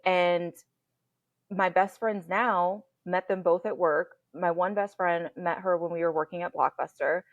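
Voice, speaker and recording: A woman with a low, dry voice chatting candidly as a podcast host. The audio is a little dull and lo-fi, like a home computer mic on a call. She tells stories with lively, unfiltered energy. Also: no echo. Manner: candid, animated storytelling, swears freely. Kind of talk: casual chat. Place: home, indoors. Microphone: computer mic on a video call.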